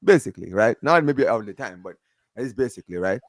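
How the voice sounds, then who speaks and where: A man's voice: lowish voice, expressive, brisk, no echo, clean studio sound. A man arguing about football on a casual live stream, emphatic and insistent, often repeating himself. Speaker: football fan panelist.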